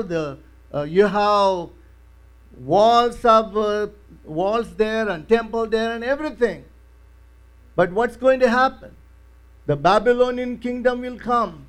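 Pastor, male, high voice, emphatic repetitive preaching. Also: smooth. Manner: emphatic preaching with repeated phrases. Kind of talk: sermon.

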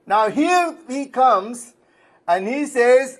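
A man leading a Bible study, explaining scripture step by step in a deliberate way. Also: sits high.

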